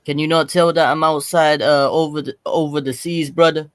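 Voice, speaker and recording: A man from Afghanistan with a British accent calls into a livestream. His voice sits slightly high and dry, and he stumbles and repeats words as he talks. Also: steady tone, a bit bright, clean tone, no echo. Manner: halting, repeats words, says brother often. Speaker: caller. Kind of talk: casual livestream chat.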